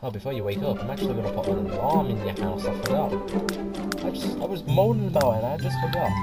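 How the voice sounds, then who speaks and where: A man's voice: medium pitch, lively intonation, quick pace. Chatty young man narrating gameplay. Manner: chatty, rambling, laughs often. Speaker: gameplay commentator. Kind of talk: casual let's-play commentary. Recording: quiet home mic with music behind.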